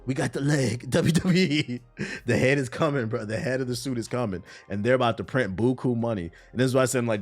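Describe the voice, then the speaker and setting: A man's voice: mid-range voice, fairly quick, soft background music. A man hosting a live stream, reacting in a casual, profane and exasperated rant. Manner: animated, profane, exasperated ranting. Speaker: streamer and host.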